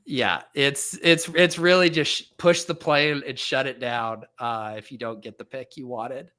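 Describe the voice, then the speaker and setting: Bright-voiced podcast host, offhand and swearing. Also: male voice, medium pitch, fairly even intonation, measured pace. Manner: loose and self-mocking, swears offhandedly. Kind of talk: casual fantasy football draft chat.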